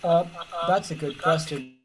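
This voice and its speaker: A man's voice: a little high, unhurried, background noise. A middle-aged British man answering interview questions as an author, musing and enthusiastic about how language sounds, on a video call. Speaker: author guest.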